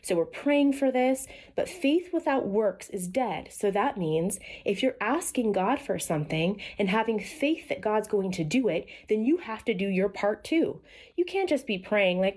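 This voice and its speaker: A woman, a mother in her thirties, talks in an earnest, heartfelt way about family and faith, rising high when she gets excited. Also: a little slow. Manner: earnest, animated, rising to a high pitch on excited or quoted lines. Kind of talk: casual heartfelt talk.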